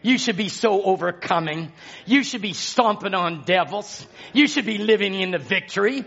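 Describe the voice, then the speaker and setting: High-voiced impassioned male preacher. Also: lively intonation, moderate pace, gravelly, fairly bright tone, breathy edge, lo-fi sound. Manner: impassioned preaching, rising and falling in intensity. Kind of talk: sermon.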